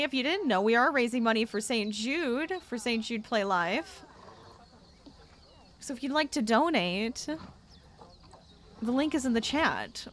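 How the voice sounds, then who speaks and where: In this casual gameplay livestream, a young adult woman talks to chat and gets exasperated while playing. Her voice is a little high and a bit bright.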